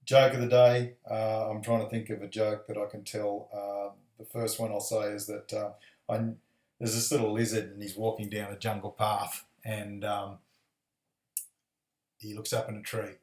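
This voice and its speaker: An Australian airline pilot giving a casual, rambling, friendly video message full of fillers. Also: male voice, on the low side, little pitch movement, moderate pace, darkish tone, distant mic. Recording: echoey room.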